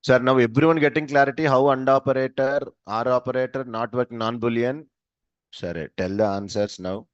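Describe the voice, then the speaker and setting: A man's voice: medium pitch, steady tone, moderate pace, dry recording. A male programming teacher, running a class by asking short questions and answering them himself. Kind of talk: live coding class. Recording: dull, dry lo-fi sound.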